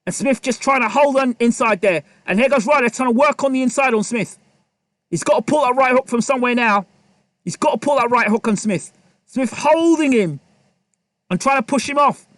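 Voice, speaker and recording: In a close, dry recording with no room around it, a man with a very high voice for a man gives brisk live boxing commentary. Excitable and repetitive, he calls punches as they land and shouts encouragement to the fighters.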